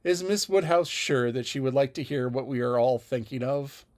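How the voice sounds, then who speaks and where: A man voicing a grave, sober gentleman who speaks distinctly. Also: mid-range voice, lightly acted. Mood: pointed. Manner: distinct, measured.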